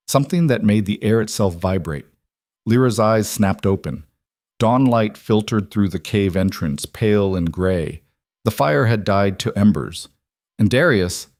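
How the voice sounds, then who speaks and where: A man narrating a romance fantasy audiobook in a steady, measured way. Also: lowish voice, no echo, studio quality.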